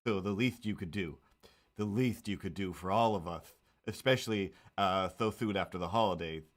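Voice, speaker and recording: A man's voice: deep voice, normal speed. A man chatting casually on a livestream while drawing, rambling with self-mocking, playful asides. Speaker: streamer.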